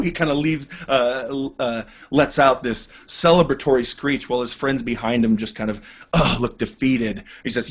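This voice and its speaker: A husky-voiced man runs a tabletop game, narrating in a loose, relaxed way with lots of fillers. The recording is dull and lo-fi. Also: medium pitch, normal speed, hardly any pauses. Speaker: game master.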